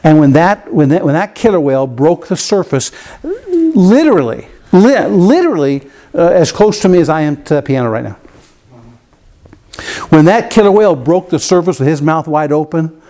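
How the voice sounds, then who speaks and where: A man preaching in a church, telling a personal story with lots of repeated words and big swings in pitch for emphasis. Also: sing-song, moderate pace, mellow. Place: church room with a piano.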